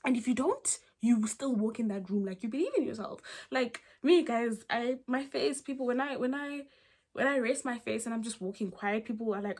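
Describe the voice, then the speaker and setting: Young woman, vlogger from South Africa, slightly high-pitched, animated, rhetorical questions, casual advice chat. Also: normal speed. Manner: animated, emphatic, rhetorical questions, trailing restarts.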